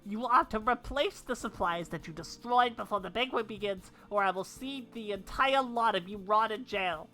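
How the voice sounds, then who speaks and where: A woman voicing an angry, pompous male chef in a video game who shouts in indignant bursts. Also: medium pitch, moderate pace, few pauses, soft background music, close to an everyday voice. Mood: outraged. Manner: shrieking, indignant.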